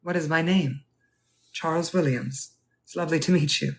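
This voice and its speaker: A man playing a polite, wistful Edwardian gentleman at a ball, speaking formally and courteously in a live role-play. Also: a little high, steady tone, moderate pace, slight background noise, natural voice. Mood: genteel. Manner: formal, courteous, old-fashioned phrasing.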